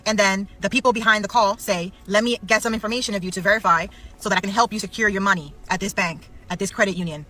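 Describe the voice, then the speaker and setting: Bank employee woman, quick and sharp, delivering an urgent warning. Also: mid-range voice, steady tone. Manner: urgent, exasperated explaining. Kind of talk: warning vlog.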